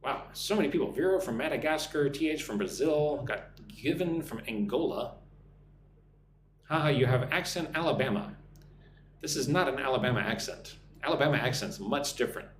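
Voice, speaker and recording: A man from the United States teaching an English lesson on a live stream, speaking slowly and clearly for learners. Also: medium pitch, animated, roomy sound, a little hiss or hum. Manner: slow, clear drill phrasing for learners.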